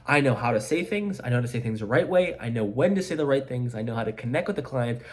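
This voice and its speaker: A man with a mid-range voice talks fast with lively intonation. He delivers an emphatic, repetitive pep talk to camera, coaching people on selling life insurance in a motivational monologue.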